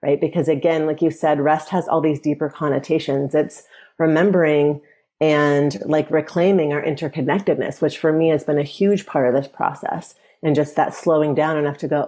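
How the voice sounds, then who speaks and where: A woman author being interviewed on a podcast, speaking in a calm, reflective and gently instructive way. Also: deep voice, normal speed. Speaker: author and guest.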